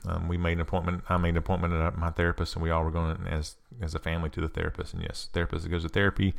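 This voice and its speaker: A man's voice: sits low, monotone, very fast, vocal fry. A middle-aged man giving an earnest, confessional self-help talk, telling personal stories and repeating phrases for emphasis.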